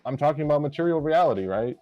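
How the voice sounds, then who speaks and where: A man's voice: fairly high pitch, lively intonation, rapid-fire, muffled recording, faint music behind. A man joining a streamed chat as a guest, making his points in a wordy, argumentative, self-mocking way. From Polish family. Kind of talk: casual debate chat on a stream.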